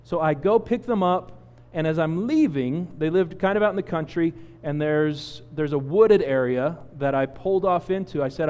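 A man in his forties preaching a sermon, telling a personal story with lively acted-out quotes. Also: fairly high pitch, normal speed, few pauses, clear, resonant tone, in a large hall. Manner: animated storyteller, acts out quotes. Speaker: pastor.

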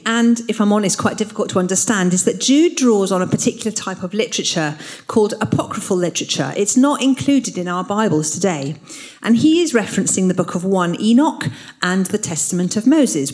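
A woman's voice: medium pitch, very animated, a little fast, darkish tone. A woman teaching the Bible in an earnest, explanatory way. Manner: earnest, explanatory, reads scripture aloud.

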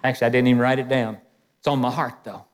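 A man preaching a sermon as pastor, lively, breaking into quoted asides to the congregation. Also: mid-range voice, quick pace. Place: church sanctuary. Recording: long hall reverb.

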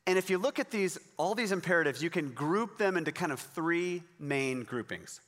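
Guy preaching, bright voice sitting a bit high, chatty and encouraging. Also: expressive, normal speed, long reverb tail. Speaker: pastor. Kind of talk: sermon.

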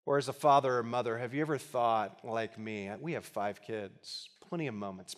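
A man preaching a sermon as pastor, conversational and emphatic with touches of humor, at times dropping into quiet, earnest appeals. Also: on the low side, normal speed, hardly any pauses.

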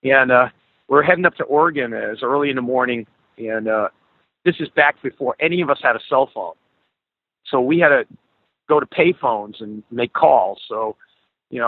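A man's voice: mid-range voice, dry recording. A middle-aged man telling a long story as a guest in an interview, acting out the dialogue as he goes. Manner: animated storyteller, acts out quoted dialogue. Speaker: guest musician. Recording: tinny phone-like call audio.

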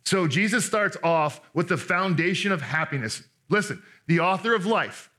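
A man preaching a sermon in an animated, conversational way, restarting often and acting out the people he quotes. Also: high voice, moderate pace. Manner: acts out quoted speakers in voices. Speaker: pastor.

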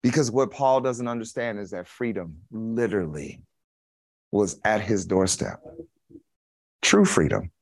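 A man's voice: fairly low pitch, measured pace, long pauses, no room sound. Folksy preacher man, dry sound. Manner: casual and folksy, with slang and chuckles. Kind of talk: conversational sermon.

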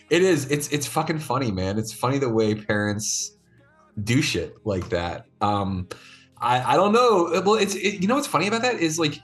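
A man chatting casually on a podcast, animated and swearing as he tells a personal story. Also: mid-range voice, moderate pace, soft background music. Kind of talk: casual chat.

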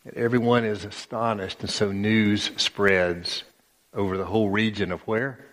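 Low, unhurried male pastor, dramatic sermon delivery, long sanctuary reverb. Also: steady tone, a bit bright. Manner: emphatic, dramatic storytelling.

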